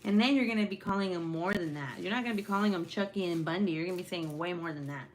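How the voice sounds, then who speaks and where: Laughing, swearing young mom chatting. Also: female voice, on the low side, fast talker, slight background noise. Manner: laughs often, swears freely, slangy and joking. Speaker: livestream host chatting with viewers; mother of several young kids. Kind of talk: casual chat.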